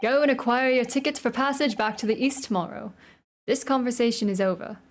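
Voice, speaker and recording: A woman's voice: fairly high pitch, a little fast, close to an everyday voice. A woman voicing a stern, commanding male British chief judge with an attempted British accent, clipped and formal. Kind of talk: reading game dialogue aloud.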